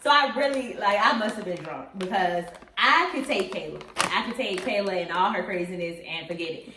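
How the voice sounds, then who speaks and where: A young woman casually telling a story at home, animated and laughing, acting out what others said. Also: medium pitch, brisk, distant mic. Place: room at home while getting her hair done. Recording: roomy, off-mic, faint hiss.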